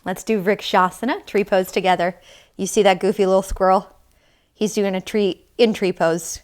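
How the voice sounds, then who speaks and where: A woman's voice: medium pitch, steady tone, normal speed. A young woman teaching yoga to young children in a sing-song, encouraging way. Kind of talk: leading a kids' yoga class.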